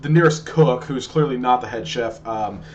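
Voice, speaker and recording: A man narrating as game master of a tabletop game, talking in a halting way with many restarts. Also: mid-range voice, darkish tone, dull audio, a little hiss or hum.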